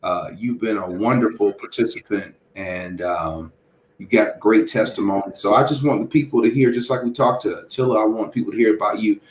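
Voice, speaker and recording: A man's voice: on the low side, brisk, slight background noise. A man hosting a casual interview chat, upbeat and emphatic, laughing often. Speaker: host. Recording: roomy echo.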